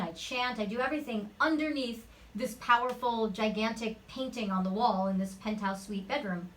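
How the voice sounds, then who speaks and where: Actress guest, woman, higher-pitched, animated storyteller, mic a little far off. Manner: lively, chatty anecdotal storytelling. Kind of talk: interview storytelling. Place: home studio.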